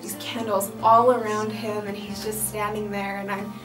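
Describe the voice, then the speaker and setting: A woman's voice: mid-range voice, level tone, moderate pace. A young woman emotionally recalling her proposal, gushing as she tells it. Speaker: bride telling her proposal story. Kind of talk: heartfelt interview recollection. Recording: echoey room, distant mic, music behind.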